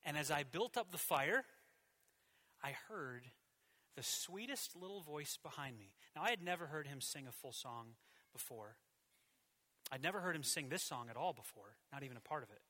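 A man in his thirties preaching a sermon in a church, telling a personal story with animated swings between loud and hushed delivery. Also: on the high side, normal speed. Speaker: pastor.

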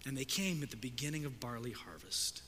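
A man preaching a sermon, expressive and emphatic, voicing the characters he quotes. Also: mid-range voice, brisk, a little hiss or hum. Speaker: pastor. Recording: long hall reverb.

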